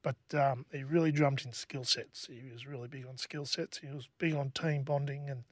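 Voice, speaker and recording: A middle-aged Australian man, a former rugby league player, telling stories casually as a podcast guest, with a halting, laid-back delivery full of restarts. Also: mid-range voice, fairly even intonation, dry recording, clean studio sound. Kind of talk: casual storytelling.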